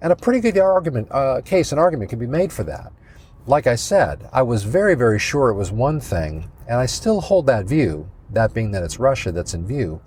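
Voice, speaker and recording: A man teaching a Bible prophecy study as a pastor, measured and thinking aloud with many fillers and restarts. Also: medium pitch, big pitch swings, a little mellow, a little hiss or hum.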